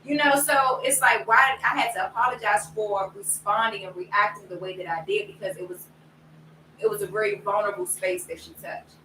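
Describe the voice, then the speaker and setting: Bright-voiced woman in a roomy space. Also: mid-range voice, fairly even intonation, normal speed. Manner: reflective, acts out her own past outbursts. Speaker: panel guest. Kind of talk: casual group discussion. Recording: roomy, distant mic with faint noise.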